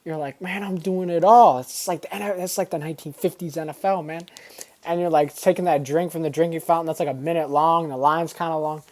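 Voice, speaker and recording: A man's voice: on the high side, fairly even intonation, fast talker. A young man speaks casually to his audience, full of slang and loose energy. He tells old school stories and acts out the voices of the people in them. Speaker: vlogger. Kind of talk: casual storytelling.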